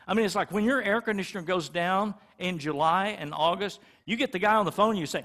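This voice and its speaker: High-voiced middle-aged pastor preaching. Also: male voice, fast talker, few pauses, fairly bright tone. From California. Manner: conversational, acts out little quoted exchanges. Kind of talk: sermon.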